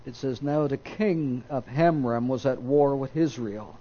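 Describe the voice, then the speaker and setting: A man's voice: medium pitch, measured pace, mellow, muffled recording. A man preaching a sermon, reading scripture aloud and acting out the quoted voices, stopping now and then to correct himself.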